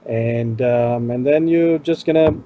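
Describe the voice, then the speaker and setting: A man's voice: mid-range voice, measured pace, phone-quality sound. A man with an Indian accent, co-hosting a casual chat show and giving conference travel tips, talking loosely with lots of "you know". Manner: chatty, fills with "you know". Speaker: podcast co-host.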